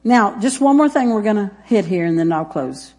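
A woman's voice: mid-range voice, expressive, normal speed, a little mellow, breathy edge. Woman preacher, emphatic, repetitive delivery, addresses the congregation directly. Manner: emphatic, repeats phrases, talks straight to listeners. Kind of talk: sermon.

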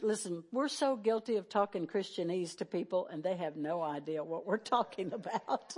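A woman's voice: mid-range voice, a little mellow. A woman preaching a sermon in a conversational way, talking to the congregation directly, reading scripture aloud and drawing out key phrases for emphasis.

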